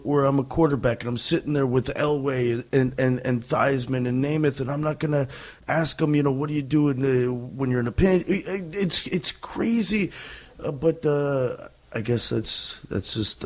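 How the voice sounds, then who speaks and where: A young adult man, a guest on a podcast, who talks in a reflective, self-deprecating way with many halting restarts. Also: medium pitch, darkish tone. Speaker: guest wrestler. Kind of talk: casual interview talk.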